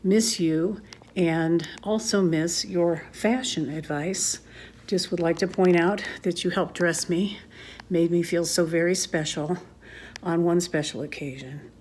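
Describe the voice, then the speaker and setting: Woman with a lowish voice saying sweet earnest birthday stuff to her sister. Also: steady tone, a little slow, a little mellow, a little hiss or hum. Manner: earnest, affectionate, heartfelt. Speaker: sister giving a birthday greeting. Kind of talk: casual video greeting.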